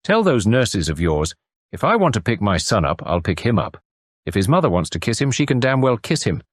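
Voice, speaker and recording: A man's voice: fairly low pitch, sing-song, brisk, no echo, studio quality, pitched above the performer's own voice. A man voicing an anxious aristocratic new father in an audiobook, with clipped upper-class banter.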